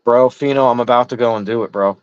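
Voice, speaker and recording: A man's voice: mid-range voice, fast talker, clear, resonant tone, no room sound. A middle-aged man in casual chat, frustrated and rambling, swearing heavily. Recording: dull lo-fi sound.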